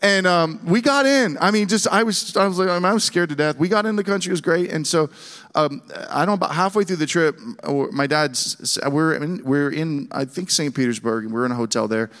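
A middle-aged man preaching and telling a story, animated, with frequent restarts and a voice that jumps higher when excited. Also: brisk. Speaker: guest speaker. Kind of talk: sermon storytelling. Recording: long hall reverb.

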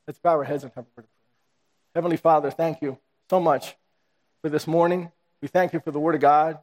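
A man's voice: fairly high pitch, fairly even intonation, fairly quick. A man preaching a sermon and telling a personal testimony, acting out the dialogue animatedly in a church. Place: church sanctuary. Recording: reverberant hall.

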